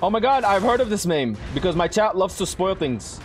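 A young man giving live gameplay commentary to his chat, excitable and swearing, often yelling at the game. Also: high voice, brisk, faint music behind. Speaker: gaming streamer.

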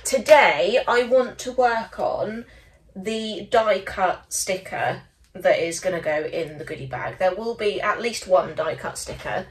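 A woman's voice: medium pitch, unhurried. Young woman rambling away in her little office, lots of ums, mic a bit far off. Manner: chatty, rambling, many ums. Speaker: small stationery business owner. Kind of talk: casual vlog chat. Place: small home office studio.

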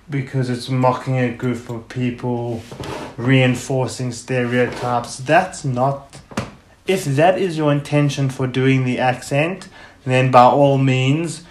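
Man rambling on a podcast in an echoey room. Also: medium pitch. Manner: rambling, blunt, swears casually. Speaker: podcast host. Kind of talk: casual solo podcast chat.

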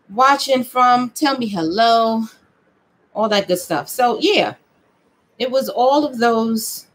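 A woman, possibly older, chatting casually as she makes soap for her vlog, telling playful stories in a lively, animated way. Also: medium pitch. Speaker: vlogger. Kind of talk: casual chat while making soap.

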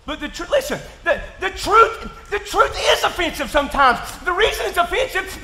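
A man with a Kentucky accent preaching in church, folksy and plain-spoken, dropping to quiet asides and rising to shouts. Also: very high-pitched, big pitch swings, normal speed, few pauses. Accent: Southern US, Kentucky. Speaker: pastor. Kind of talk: sermon. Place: church sanctuary. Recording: echoey church room.

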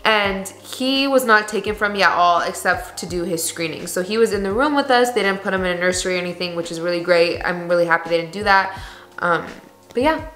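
A woman's voice: fairly low pitch, a little fast, fairly bright tone. A young woman vlogging in a candid, chatty way, full of "like" and "you guys.". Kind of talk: casual chat to camera. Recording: echoey room.

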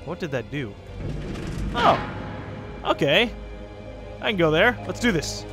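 A young man casually commenting on his gameplay as a let's play host, chatty and sarcastic with excitable outbursts. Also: high voice, measured pace, long pauses, music in the background.

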